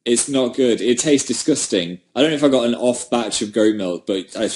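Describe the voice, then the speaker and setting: A man's voice: mid-range voice, normal speed, few pauses, darkish tone. A man chatting casually on a livestream from home, rambling and self-deprecating as he answers viewer comments through a webcam mic. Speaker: livestream host.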